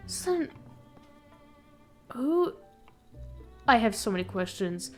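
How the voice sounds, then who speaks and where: A young woman streaming a video game, swinging between loud excitement and low muttering as she talks. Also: slow pace, pauses often, faint music behind. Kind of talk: casual gameplay commentary.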